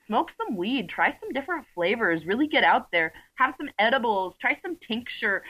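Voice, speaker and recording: Female podcast guest, frank and upbeat, bright tone. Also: fairly high pitch, sing-song, moderate pace, breathy edge, low-quality recording. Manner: frank, enthusiastic, gives advice. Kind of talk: casual chat.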